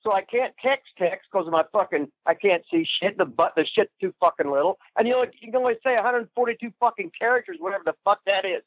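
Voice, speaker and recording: Guest spot: a high-voiced man who swears nonstop and rambles, phoned in on a dull line. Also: quick pace, few pauses, no room sound. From Indiana. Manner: rambling, swears constantly, crude. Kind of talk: profane casual chat.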